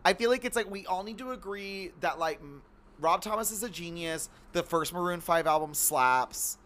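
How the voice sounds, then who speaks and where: A young man co-hosting a podcast, talking casually. He riffs with animated emphasis, and his voice jumps up when a point excites him. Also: high-pitched, moderate pace. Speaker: podcast co-host. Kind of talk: casual chat.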